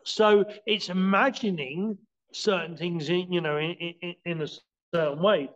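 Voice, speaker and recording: As a guest on a podcast, a man with a high, slightly bright voice and fairly even intonation teaches martial arts concepts haltingly. He restarts constantly, fills gaps with "you know," and acts out scenes; the lo-fi audio sounds dull.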